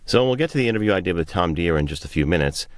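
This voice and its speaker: A man co-hosts a podcast, chatting in a relaxed, animated way. His voice sits low and moves through a lively melody. The recording is close and dry. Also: racing, no echo. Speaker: podcast co-host. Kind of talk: casual chat.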